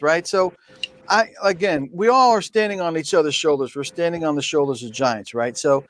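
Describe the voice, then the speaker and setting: A man telling a story at a drum clinic in a casual, animated way, acting out quoted speech. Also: a little high, normal speed. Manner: animated, laughs often, acts out quoted speech.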